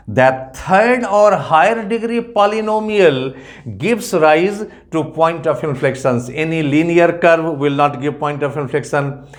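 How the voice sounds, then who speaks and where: Guy teaching calculus, kinda high voice, goes over everything twice. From India. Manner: methodical, repeats each point. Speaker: economics tutor. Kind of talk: math lecture.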